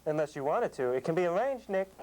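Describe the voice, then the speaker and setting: A man's voice: fairly high pitch, big pitch swings, fast, darkish tone, low-quality recording. An actor playing a pushy, wheedling talent agent selling his act. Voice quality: wheedling, salesy. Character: pushy fast-talking male talent agent.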